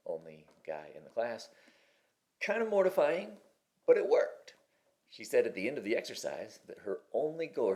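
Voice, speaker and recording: Sitting at his kitchen table, a forties-aged channel host chats candidly and conversationally to the camera, restarting now and then. He has a deep voice with a darkish tone.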